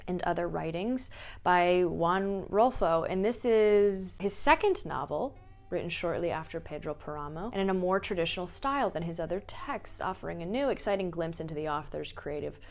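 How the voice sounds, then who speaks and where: A woman's voice: fairly low pitch, lively intonation, normal speed, gravelly. A woman vlogging about her books in a casual, playful way, with jokey asides. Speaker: book vlogger. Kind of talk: casual chat.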